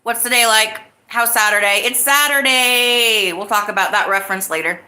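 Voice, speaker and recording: A woman's voice: medium pitch, fairly quick, sharp tone, reverberant. A woman hosting her own live-stream podcast, talking casually and greeting viewers in the chat. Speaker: livestream podcast host.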